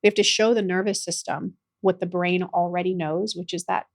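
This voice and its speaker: A young adult woman, guest on a podcast interview, speaking gently and earnestly about her healing work, at times getting emotional. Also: lowish voice, steady tone, a little fast. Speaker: guest, somatic practitioner and author.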